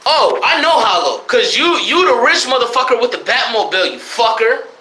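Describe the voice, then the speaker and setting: A young man from Connecticut ranting profanely to his live chat in a loose, animated way, jumping between loud outbursts and low mutters. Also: brisk, echoey room, a little hiss or hum. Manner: profane, animated, swings between shouting and mumbling. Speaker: livestreamer. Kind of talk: unfiltered casual rant to live chat. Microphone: streaming mic.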